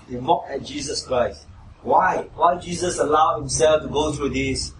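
A man's voice: on the high side, unhurried, noisy background. A man preaching a sermon who asks his listeners questions and raises his voice when he quotes mockers. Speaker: pastor. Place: church hall. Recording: echoey hall, mic from far off.

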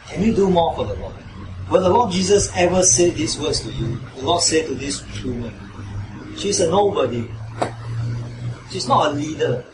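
A man's voice: on the high side, animated, moderate pace, long pauses. A man preaching a sermon as pastor, pressing his listeners with repeated rhetorical questions that build into emphatic pleas. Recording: roomy echo, distant mic, noisy.

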